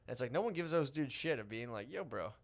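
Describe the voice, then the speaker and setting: A man co-hosting a podcast in casual chat, telling stories with quick profane asides. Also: medium pitch, animated. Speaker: podcast co-host.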